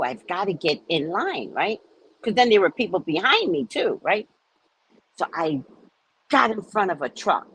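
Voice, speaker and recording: A woman hosting a casual livestream chat, telling rambling stories in an animated way and greeting viewers. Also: medium pitch, slightly rough, rough recording. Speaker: livestream host.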